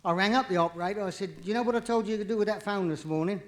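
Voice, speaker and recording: A man doing live stand-up comedy, cheeky and quick, with jokes that rise into punchlines. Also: high voice. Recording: vinyl live recording, audience laughter, distant.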